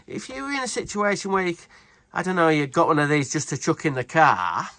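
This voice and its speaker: Man, British accent, tool reviewer, casual vlog, rambling, slightly high-pitched. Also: big pitch swings, fairly quick, a bit bright. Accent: British English. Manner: chatty, rambling, swears casually. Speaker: tool reviewer, channel host.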